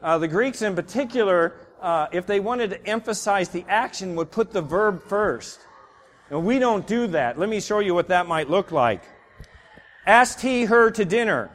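Guy teaching bible class, kinda high voice, lots of uh and restarts, hall echo. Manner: casual, explanatory, with many fillers and restarts. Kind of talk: church class lecture.

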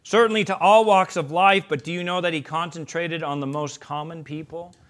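A man's voice: a little high, fairly even intonation, fairly quick. Male pastor, emphatic sermon delivery, tense, ringing tone. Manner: emphatic preaching, swings from loud to hushed; addresses listeners as beloved.

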